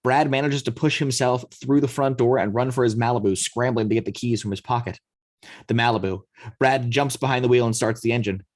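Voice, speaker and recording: A man narrating the action lines of a screenplay read-through in a steady storytelling manner. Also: mid-range voice, brisk, no room sound. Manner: steady storytelling, occasional slips. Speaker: narrator reading action description.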